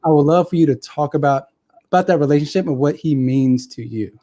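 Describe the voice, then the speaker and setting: A male awards show host with a dark, mellow tone and a slightly raised pitch. He asks his questions in a measured, prompting way. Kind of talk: interview questions.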